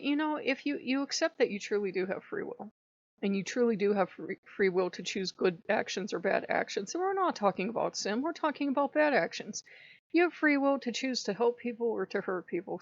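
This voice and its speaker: A woman's voice: mid-range voice, no room sound. Chatty irreverent woman, dry lo-fi sound. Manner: irreverent, chatty, acts out quoted speech. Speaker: host of a pagan spirituality channel. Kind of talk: casual spiritual monologue.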